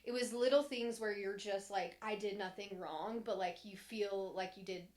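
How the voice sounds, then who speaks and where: A woman's voice: medium pitch, steady tone, moderate pace. Young woman telling a candid personal story. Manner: candid, rambling, frequent "like" and restarts. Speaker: podcast co-host.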